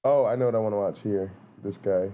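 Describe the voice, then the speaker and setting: A man's voice: on the low side, brisk, narrow, tinny audio. A man with a New Jersey accent hosting a live stream, rambling casually and swearing as he thinks aloud. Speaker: livestream host.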